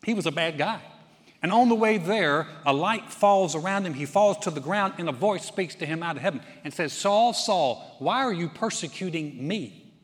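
A man preaching with a folksy, joking storyteller's touch and a fairly high voice. His words hang in the long reverb of a church hall. He speaks as a pastor to his congregation. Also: a little fast. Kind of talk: sermon. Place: church sanctuary.

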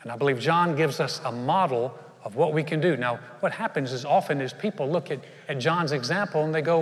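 A man preaching from the pulpit, his somewhat high voice rising in loud, emphatic bursts and then dropping to a hush. The sound carries a long, ringing reverb, as if caught in a large church sanctuary. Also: fairly quick, hardly any pauses. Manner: emphatic preaching, swinging between loud bursts and hushed lines. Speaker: pastor. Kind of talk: sermon.

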